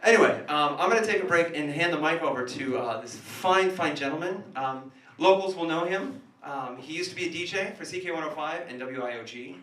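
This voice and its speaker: A man's voice: a little high, a little fast, hardly any pauses, a bit bright. A man doing stand-up comedy in a small café, rambling and sardonic, recorded from a distance in an echoey room. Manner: rambling, self-interrupting, sardonic.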